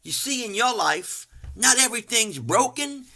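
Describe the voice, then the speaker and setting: An older man preaching an energetic, folksy sermon, animated and self-mocking, swinging from loud outbursts to hushed asides. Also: very high-pitched, moderate pace. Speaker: pastor.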